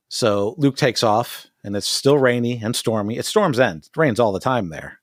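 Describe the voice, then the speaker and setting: A man's voice: mid-range voice, animated, moderate pace, hardly any pauses, dry recording, clean studio sound. A man co-hosting a podcast, recapping an episode in casual, profane chat, laughing often and mimicking characters. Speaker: podcast co-host.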